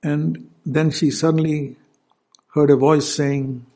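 A man's voice: fairly high pitch, flat delivery, takes it slowly, dark tone. A male preacher giving an earnest sermon, stopping to explain scripture verses.

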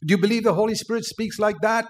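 An older man preaching a sermon, forceful and emphatic, rising to loud outbursts. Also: sits high, fairly even intonation, fast, slight background noise.

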